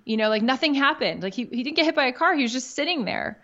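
A woman's voice: sits high, animated, rapid-fire, few pauses, fairly bright tone. A woman in her thirties, a podcast guest, telling a personal story in a candid, emotional way and swearing casually. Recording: dull lo-fi audio.

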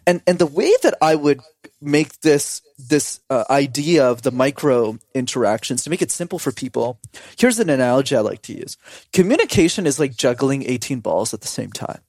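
Energetic male podcast guest, quick and animated, mid-pitched, dry close sound. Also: no echo. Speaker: podcast guest, communication coach. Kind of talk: casual podcast chat.

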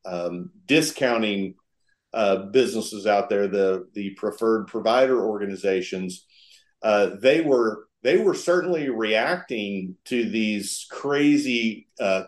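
A man with a fairly low voice talks through a point in an interview, earnest and deliberate, doubling back over his own phrases. The room around him is echoey and roomy. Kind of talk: conversational interview explanation.

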